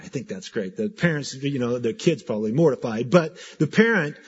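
Pastor type, man, husky and a bit high, chatty sermon delivery, dull lo-fi recording. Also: fairly quick, hardly any pauses. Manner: animated, conversational, repeats words for emphasis.

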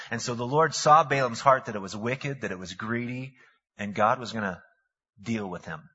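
A man's voice: mid-range voice, moderate pace, sharp tone, slightly rough. A man preaching a sermon, a pastor who tells the story in a folksy way with slang asides, recorded with long hall reverb and a dull, lo-fi sound.

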